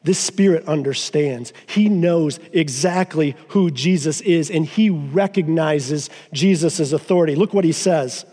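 A man preaching a sermon as pastor, emphatic and slowing down to stress key phrases. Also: fairly high pitch, dark tone, big-room sound. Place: church sanctuary.

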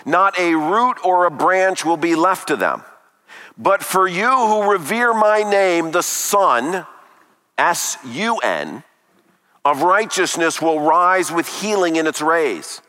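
A man preaching a sermon emphatically, with dramatic pauses and rhetorical questions. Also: a little high, big pitch swings, pushed and bright, big-room sound.

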